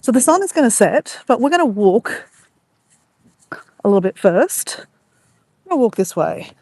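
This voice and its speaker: A woman with an Australian accent live-streams from a phone she holds while walking along a beach at sunset. Her voice is fairly high, very animated and darkish, at a moderate pace with no room sound. She chats casually and greets viewers by name.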